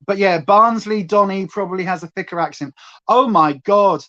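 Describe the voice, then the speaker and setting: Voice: medium pitch, moderate pace, pushed and bright. Northern english streamer chatting away doing makeup, rambly tangents, slightly dull lo-fi sound. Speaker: makeup livestream host. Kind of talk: casual livestream chat while doing makeup.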